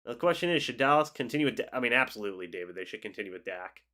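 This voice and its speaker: A man's voice: medium pitch, lively intonation, racing, sharp tone. A young man with a congested voice, hosting a sports livestream in a laid-back, chatty way and reading out viewer comments. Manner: laid-back, chatty, reads out chat messages. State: congested after flu. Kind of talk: casual live chat reacting to viewer comments.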